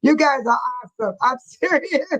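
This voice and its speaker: A woman's voice: high-pitched, expressive, normal speed, a bit bright, poor audio. A woman hosting a casual livestream, talking straight to her viewers and laughing often. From Texas. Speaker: livestream host.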